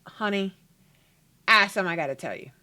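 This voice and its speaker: A woman voicing an apologetic young wife in a life-sim game, talking softly and hesitantly as she pleads. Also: mid-range voice, animated, fast talker, voice pushed down. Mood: pleading.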